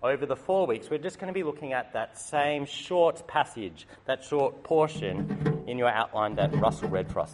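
Man, preacher, storytelling sermon, lively, humorous, faint background noise. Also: medium pitch.

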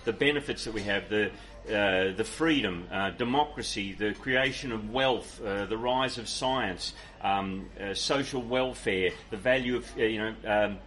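A man's voice: on the low side, unhurried, hardly any pauses, fairly bright tone, slight background noise. A man from Ireland preaching a sermon and answering audience questions in an earnest, conversational way, with many fillers and restarts. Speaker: pastor.

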